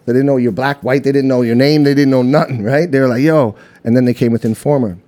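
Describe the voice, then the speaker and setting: A man with a Canadian accent, a podcast guest telling stories in casual chat, animated and full of "you know what I mean". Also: medium pitch, quick pace. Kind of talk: casual storytelling.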